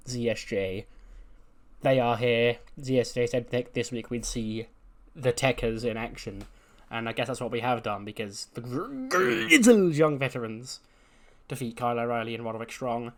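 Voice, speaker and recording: A man hosts a let's play, recapping matches in a loose, rambling way. His voice sits at a middle pitch and drifts into easy jokes and filler. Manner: casual, rambling, joking, with fillers like "you know". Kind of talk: casual game commentary.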